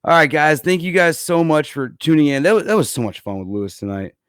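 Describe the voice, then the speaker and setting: A man's voice: fairly high pitch, sing-song, fast, a bit bright, clean tone, no room sound, clean studio sound. A man hosting a live music podcast, chatting casually and rambling a little, calling everyone man and dude. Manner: easygoing, rambling, calls people man and dude. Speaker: podcast host. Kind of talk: casual live-show chat. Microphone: computer setup for a live stream.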